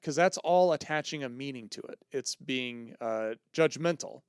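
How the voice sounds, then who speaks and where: A man co-hosting a podcast, talking in a thoughtful, measured way with frequent restarts. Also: medium pitch, a little mellow, clean tone, dry recording, studio quality. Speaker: podcast co-host. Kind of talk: casual podcast chat.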